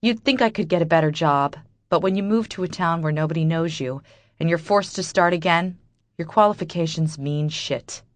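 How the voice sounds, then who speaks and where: A woman narrates a first-person audiobook in a bitter, wry inner-monologue manner. Her voice sits on the low side for a woman. The recording is dry and close, with no room sound. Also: normal speed, dry recording.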